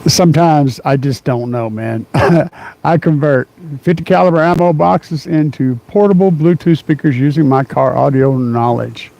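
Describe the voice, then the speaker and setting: Middle-aged male streamer, loose chatty rambler, slightly high pitch. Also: normal speed, warm tone. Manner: rambling, rough-edged, laughs a lot, lots of fillers. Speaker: car audio livestream host. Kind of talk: casual live-stream chat.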